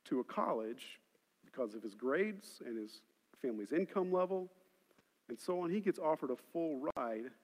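A man preaching a sermon as pastor, telling stories and shifting between loud emphasis and quiet asides. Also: medium pitch. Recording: long hall reverb.

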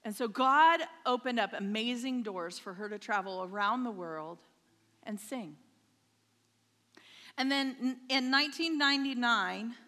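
A woman's voice: medium pitch, pushed and bright, in a large hall. A woman preaching a sermon in church, telling a story and checking in with the congregation. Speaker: pastor's wife preaching. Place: church sanctuary.

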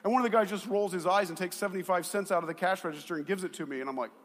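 A middle-aged male pastor preaching a sermon, telling a personal story in an animated way, with quiet asides that build to shouts. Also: high voice, racing. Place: church sanctuary. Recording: long hall reverb.

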